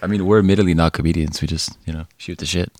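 Male podcast co-host, lower voice, rambling casual storyteller, laughs and swears, dry recording. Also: steady tone, quick pace, darkish tone, dry recording.

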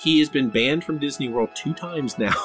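A man's voice: on the high side, a little slow, a bit bright, soft background music. A man co-hosting a podcast in casual chat, teasing his partner and laughing often. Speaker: podcast co-host.

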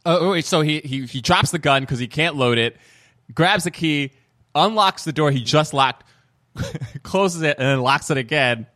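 Animated man retelling a movie. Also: a little high, measured pace. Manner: animated retelling, acts out scenes. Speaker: podcast co-host. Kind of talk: casual film-review chat.

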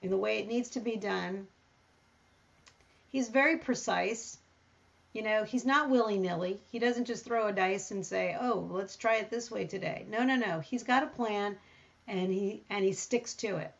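A woman talking through a Bible passage in casual conversation, reading verses aloud and thinking out loud. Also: mid-range voice, normal speed, creaky, muffled recording. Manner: thinks aloud, reads scripture, animated when surprised. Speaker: Bible study co-host. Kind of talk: casual Bible study discussion.

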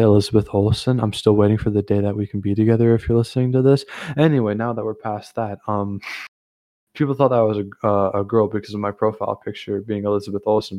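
A man's voice: on the low side, darkish tone. A young man hosting a casual chat, rambling with lots of fillers and restarts. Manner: rambling, full of fillers and self-corrections. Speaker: host.

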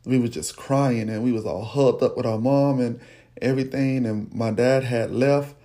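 A man slowly recounting a painful childhood memory as personal storytelling, speaking. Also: mid-range voice, fairly even intonation, mellow. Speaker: podcast host telling his life story.

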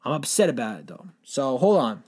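A man telling a rambling, absurd comedy story in a deadpan way, with lots of swearing and panicked acted-out quotes. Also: mid-range voice, brisk, a little hiss or hum. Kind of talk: absurd improvised comedy monologue.

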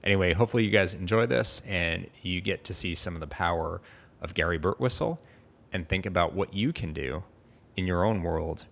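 Male podcast host, deep voice, gravelly fry, enthusiastic, jokey. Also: brisk, a bit bright. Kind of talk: casual interview chat.

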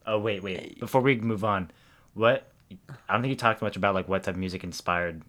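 A man's voice: fairly low pitch, brisk, a bit bright. A young man co-hosting a podcast, chatting casually and joking, laughing often. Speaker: podcast co-host. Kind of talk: casual chat.

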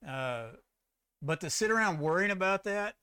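A man's voice: high-pitched, lively intonation, normal speed, pushed and bright, clear, resonant tone. A middle-aged man and former policeman, talking candidly about faith in a rambling way that often restarts its sentences. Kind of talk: faith discussion.

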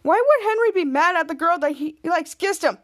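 A woman voicing a goofy, excitable grown man who acts as a mentor. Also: very high-pitched, fairly quick, voice pushed up.

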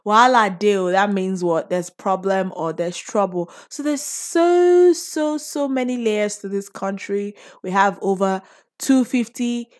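A woman's voice: medium pitch, darkish tone. Chatty Nigerian woman, laughing often. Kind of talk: casual solo talk.

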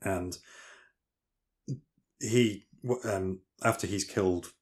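Deep-voiced man retelling film scenes. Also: takes it slowly, darkish tone. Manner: retells film scenes in detail with many fillers and restarts. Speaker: podcast co-host. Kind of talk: casual film discussion podcast.

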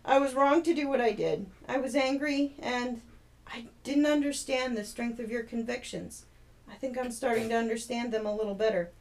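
A woman's voice: fairly high pitch, moderate pace, close to an everyday voice. A woman voicing a determined, scheming ex-girlfriend in a storybook reading, firm and sugary-polite. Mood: sweetly pleading.

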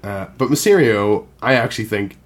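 A man with a fairly low voice riffs bluntly and casually. His speech is loose and rambling, full of filler words and swearing, like a co-host chatting about games and films. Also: animated, moderate pace. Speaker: podcast co-host.

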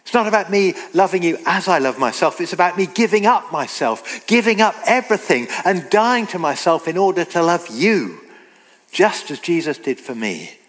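A man preaching a sermon, earnest and emphatic, slowing down to read scripture aloud. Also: sits high, big pitch swings, a bit bright. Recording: long reverb of a hall.

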